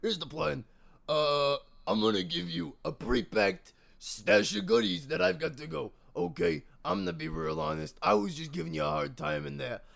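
Sentimental father bear with a gravelly edge, corny and earnest, as a man plays him. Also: fairly high pitch, normal speed, a bit bright. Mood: jokey. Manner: corny, earnest dad jokes and pep talk.

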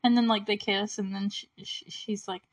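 A woman's voice: mid-range voice, flat delivery, moderate pace. A woman casually recapping a movie, chatty and giggly, full of filler words and acting out the characters' lines.

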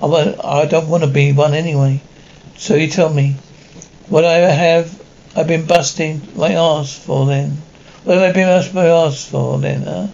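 A man's voice: on the high side, fairly even intonation, normal speed, vocal fry, a little mellow, lo-fi sound. A man voicing a frustrated teenage boy who talks sullenly and swears when angry. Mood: bitter.

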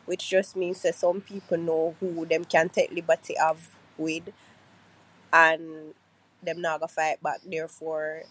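Low-voiced Jamaican woman. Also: rough recording. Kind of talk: recorded answers to podcast questions.

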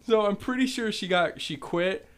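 A young man co-hosting a podcast, who tells stories in a casual, animated way and swears freely. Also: high-pitched, moderate pace, clean tone. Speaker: podcast co-host. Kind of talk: casual chat.

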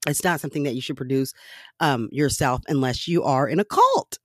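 A medium-pitched, expressive man talks briskly on his own podcast in a casual solo political rant. He swears often, uses sarcasm, and keeps breaking into laughs and filler-filled rambling. The studio sound is clean and echo-free.

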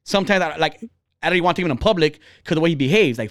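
A man hosting a podcast races through personal stories in a fairly high voice, blunt, profane and heated in a casual, animated chat. The recording is dry and studio-clean.

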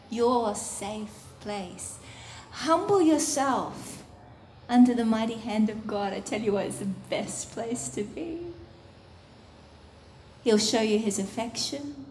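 A woman preaching a sermon in a soft, intimate, earnest way that often drops to a hush. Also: a little high, slight background noise. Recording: roomy echo.

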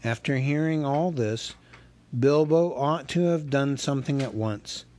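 A man reading a story aloud as narrator, with measured, wry storytelling. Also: medium pitch, darkish tone. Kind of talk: audiobook reading.

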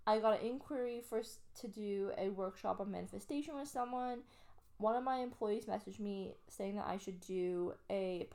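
A woman's voice: mid-range voice, a little mellow. A woman who runs a business, talking in a casual, chatty, upbeat way. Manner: chatty, upbeat, uses "literally" and "like". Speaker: business owner. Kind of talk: casual chat.

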